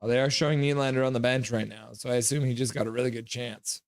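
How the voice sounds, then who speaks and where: A man hosting a live hockey reaction stream, reading chat messages aloud, joking and reacting loudly to goals. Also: medium pitch, quick pace, no echo, studio quality. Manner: excitable, reads chat aloud and jokes.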